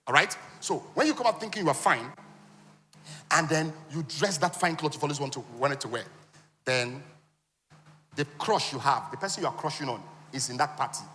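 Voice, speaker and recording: A man giving a lively motivational talk at a business conference, now and then acting out other people's voices. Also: normal speed, slight background noise. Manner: animated, acts out high voices for women. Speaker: conference speaker. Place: large conference hall. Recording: reverberant hall.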